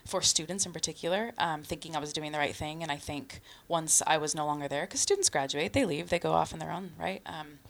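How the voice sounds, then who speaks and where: A woman's voice: sits low, brisk, gravelly, few pauses. A woman co-hosting a casual podcast, thinking aloud in a hesitant, reflective way with many fillers.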